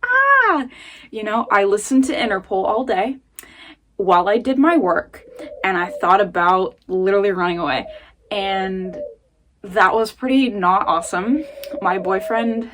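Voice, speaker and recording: A woman vlogging an emotional casual rant from home, rambling and swinging between muttering and loud outbursts. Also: mid-range voice, expressive, measured pace, a little hiss or hum.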